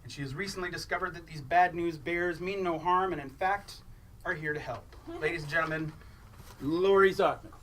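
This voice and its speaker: A man hosting a live reading event, introducing the next reader in a relaxed way with filler uhs. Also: a little high, fairly quick. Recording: faint noise, voice a bit far from the mic.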